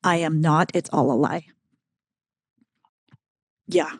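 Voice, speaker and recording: A middle-aged woman talking as a podcast guest, telling a story with emphatic, animated energy. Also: low voice, slow, no echo, studio quality. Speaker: podcast guest, keynote speaker. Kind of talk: casual conversational interview.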